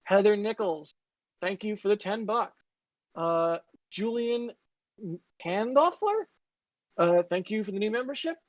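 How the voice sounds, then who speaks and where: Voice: medium pitch, expressive, no echo. Giggly chatty livestream host, muffled sound. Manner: giggly, chatty, quick asides. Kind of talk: casual live-stream chat, reading viewer messages. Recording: muffled lo-fi dry audio.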